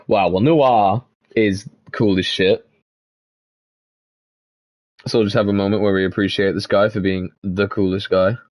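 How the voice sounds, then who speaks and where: A man's voice: fairly low pitch, steady tone, measured pace, pauses often, a little mellow. A man giving gaming commentary and reading in-game text aloud, swearing freely and laughing often. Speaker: gaming video creator.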